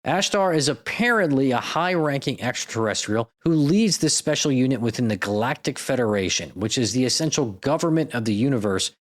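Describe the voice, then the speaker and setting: A man's voice: medium pitch, lively intonation, fairly quick, hardly any pauses. A man hosting a podcast, reading out stories with irreverent, profane, jokey asides. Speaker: podcast host. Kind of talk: comedic podcast narration.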